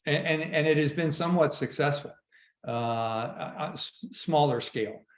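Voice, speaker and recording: A man in his sixties, a retired army general, telling anecdotes in a casual online conversation, with halting restarts. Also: a little high, echoey room. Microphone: video call.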